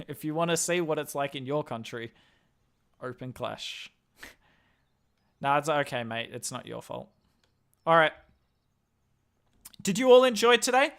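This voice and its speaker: An Australian man chatting casually on a live game stream, answering viewers' questions and thinking out loud. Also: on the high side.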